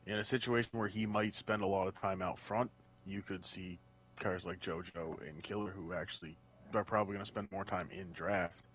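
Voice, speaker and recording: A man with a fairly low voice adds short, matter-of-fact color commentary to a sim race broadcast. A faint hiss sits under his voice. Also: steady tone, moderate pace, a bit bright, dull audio. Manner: brief matter-of-fact remarks.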